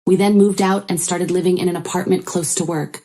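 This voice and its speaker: A woman narrating a first-person family story in an even, matter-of-fact way. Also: fairly low pitch, brisk.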